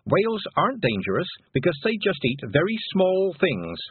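A man's voice: high-pitched, huge pitch swings, moderate pace, husky, no room sound, pitched above the performer's own voice, heavily acted. A man voicing a prim, stubborn young girl. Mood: matter-of-fact. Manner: prim, insistent, lecturing. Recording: phone-like thin band.

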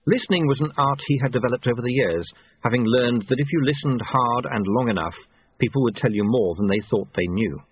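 A man narrating an audiobook in a measured, dry reading style. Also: mid-range voice, slightly rough. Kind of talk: scripted narration. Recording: tinny phone-like audio.

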